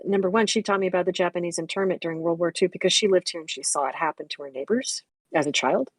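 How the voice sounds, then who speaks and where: A woman's voice: fairly low pitch, fast talker, husky, no echo. A woman in her sixties reminiscing candidly and reflectively, speaking frankly and swearing bluntly at times. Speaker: memorial stream guest.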